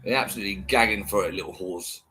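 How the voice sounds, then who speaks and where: A man's voice: lowish voice, quick pace. A man vlogging, commenting on a clip in a profane, mocking, rambling way. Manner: mocking, sweary, animated.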